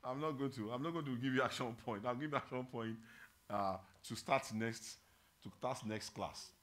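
A pastor teaching a Bible study, humorous and engaging with his congregation, moving between loud emphasis and quiet, earnest reflection. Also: mid-range voice, moderate pace. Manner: animated, humorous, draws the congregation in with call-and-response.

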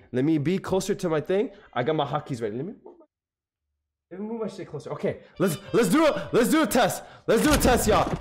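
A man live-streaming a video game, reacting loudly and chatting with his viewers in slangy, excitable bursts. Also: a little high, a little hiss or hum. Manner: excitable, loud outbursts, slangy, talks to chat. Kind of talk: casual live-stream commentary.

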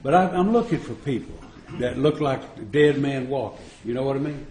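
A man's voice: medium pitch, brisk, darkish tone. A man speaking at a recovery retreat, telling stories in a folksy, joking way and chuckling often. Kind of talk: storytelling recovery talk. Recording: echoey room.

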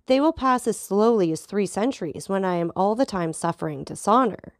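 A woman voicing a proud, hot-tempered young nobleman who makes urgent, insistent demands, in a gravelly voice on a dry recording. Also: medium pitch, expressive, brisk, no room sound, lightly acted. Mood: indignant.

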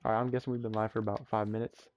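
A young man hosting a gameplay session, telling stories in animated slang and swearing freely. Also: lowish voice, racing. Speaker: let's play host. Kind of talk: casual gameplay chat and storytelling. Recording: muffled lo-fi audio.

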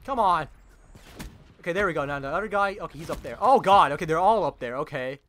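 A young man giving jumpy, excitable live commentary over his own gameplay, filling his talk with "like" and calling out to his teammates. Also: on the high side, rapid-fire. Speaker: gaming channel host.

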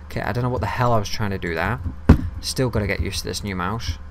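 Over heavy background noise, a young man talks fast in a lowish voice while playing a game for his video channel. His let's-play banter goes out to viewers and the creatures alike, full of swearing, and he turns loud and excited whenever he's ambushed.

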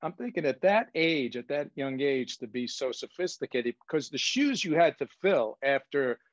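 A man's voice: medium pitch, animated, normal speed, no echo. A man hosting a casual interview, reacting conversationally and asking questions. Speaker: host. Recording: dull, dry lo-fi audio.

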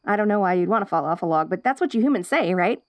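A woman's voice: medium pitch, expressive, fast talker, no room sound, close to an everyday voice. A young woman voicing a perky, curious wolf girl in an ASMR role-play, bubbly and giggly with restless chatter.

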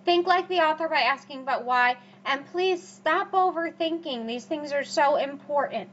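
A woman's voice: sits high, moderate pace, fairly bright tone. A woman teacher giving a recorded lecture over slides, repeating key points with emphatic rhetorical questions. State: has the hiccups. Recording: dull, lo-fi recording with faint hum.

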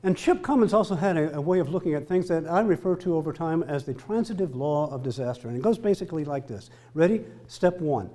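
A man's voice: fairly high pitch, lively intonation, fast, hardly any pauses, dark tone. A middle-aged man giving a joking, emphatic lecture to military students, often asking his listeners rhetorical questions.

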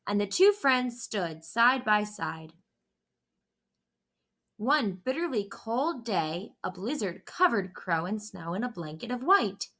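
A woman reading a children's picture book aloud in a slow, gentle, expressive storytelling voice. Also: medium pitch.

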